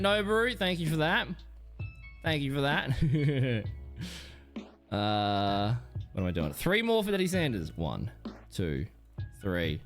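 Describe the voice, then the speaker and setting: A young man chats on a live stream, teasing and thanking viewers in a loose, joking way. His voice sits at an ordinary pitch for a man but jumps high when he gets excited and drops low when he mutters to himself. Faint music plays quietly behind him. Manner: joking banter with chat, animated swings in pitch. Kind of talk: casual live-stream chat.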